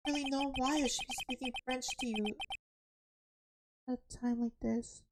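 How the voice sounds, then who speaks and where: A woman voicing a nervous, excitable young male defendant who frantically insists he is guilty. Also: high voice, moderate pace, background noise, pitched above the performer's own voice. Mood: flustered. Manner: frantic, squealing confessions.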